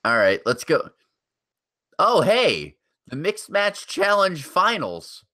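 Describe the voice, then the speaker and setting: Sarcastic man, animated podcast chat. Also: a little high, slow. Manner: sarcastic, swears freely. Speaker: podcast co-host. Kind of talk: casual chat.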